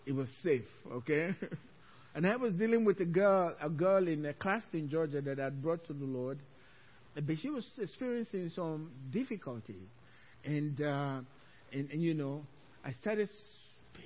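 A male pastor preaching a sermon, telling a story with animated delivery and frequent laughter. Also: sits high, moderate pace, husky, in a large hall, lo-fi sound.

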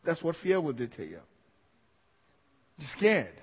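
A husky, slightly high, sing-song male voice delivers a sermon a little slowly to a congregation, emphatic and repetitive in his key phrases, with little laughs between points. The church hall recording is dull and lo-fi, with a long reverb tail.

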